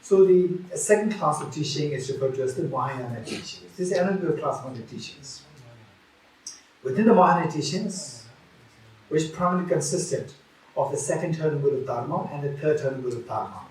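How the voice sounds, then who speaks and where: A man's voice: a little high, animated, a little fast, very echoey, distant mic, poor audio. A man giving a Buddhist teaching at a retreat, repeating key phrases and restarting often.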